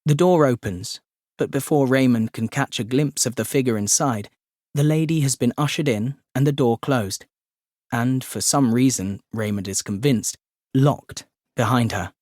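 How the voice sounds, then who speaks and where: A man's voice: medium pitch, a little mellow, no room sound. Man narrating an audiobook, dry close sound. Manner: measured, descriptive. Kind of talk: scripted narration.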